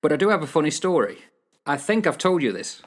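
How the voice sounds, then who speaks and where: A man's voice: a little high, very animated, fast. An older man, co-hosting a casual history chat in a chatty, jokey way. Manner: chatty, jokey, laughs often. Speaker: podcast co-host.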